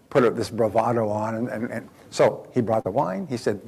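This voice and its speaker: A man's voice: medium pitch, moderate pace, vocal fry, hardly any pauses, a little mellow, slight background noise. A man giving a live motivational seminar, telling anecdotes, asking the audience questions and repeating phrases for emphasis. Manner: addresses audience directly with questions. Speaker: seminar speaker.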